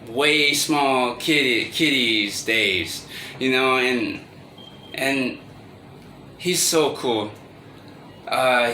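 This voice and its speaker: A man telling a personal story in a casual, halting way, full of restarts and fillers and often breaking into laughter. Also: medium pitch, bright, forceful tone. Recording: echoey room with faint ambient noise.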